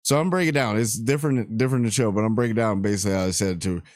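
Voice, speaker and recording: Male host, low-pitched, talking loose and slangy through a spoiler review in a dry room. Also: rapid-fire, darkish tone, no room sound. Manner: rambling and slangy, with playful asides.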